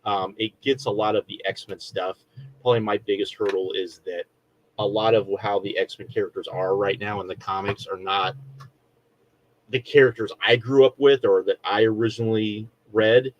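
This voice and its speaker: A man's voice: fairly low pitch, fairly even intonation, moderate pace, a little hiss or hum, low-quality recording. A middle-aged man co-hosting a podcast, chatting casually and rambling through a review with lots of fillers and restarts. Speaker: podcast co-host.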